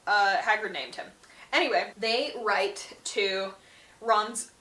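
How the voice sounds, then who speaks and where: A woman's voice: mid-range voice, slow pace, sharp tone. A woman hosting a book channel, giving a casual, chatty recap and slipping in and out of the characters' quoted lines. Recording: roomy echo, mic at a distance.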